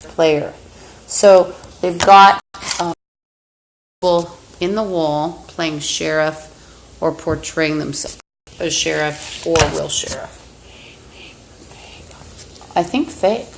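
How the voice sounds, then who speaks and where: A woman's voice: deep voice, slow, creaky, pauses often. A woman talking into a phone on a livestream in an agitated, rambling monologue, swearing often. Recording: roomy echo, faint background hum.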